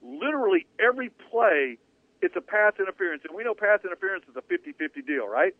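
Male sports talk host, high pitch, emphatic, rambling delivery; dry, narrowband radio sound. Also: very animated, fast, dry recording. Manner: emphatic, opinionated, rambling with restarts. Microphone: studio radio mic. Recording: dry phone-like radio audio.

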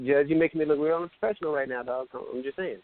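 A man's voice: a little high, fast. Bossy host man on a tinny line. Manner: bossy, teasing, laughs easily. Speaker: show host. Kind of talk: casual online radio chat. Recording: tinny phone line, dry.

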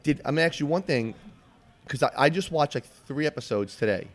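A man hosting a casual podcast, talking excitedly and rushing through his sentences with frequent restarts. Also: on the high side. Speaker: podcast host.

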